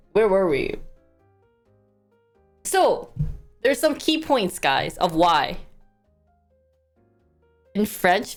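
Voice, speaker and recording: A woman live streamer talks slowly and casually, chatting with her viewers and reading news aloud. She sometimes trips over difficult words. Soft music plays faintly behind her. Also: medium pitch. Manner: chatty, thanks donors, stumbles over hard words.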